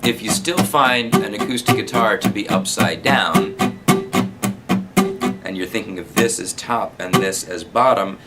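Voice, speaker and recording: A man giving a relaxed spoken guitar lesson, explaining strumming and counting beats out loud. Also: fairly low pitch, unhurried, low-quality recording. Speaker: guitar teacher.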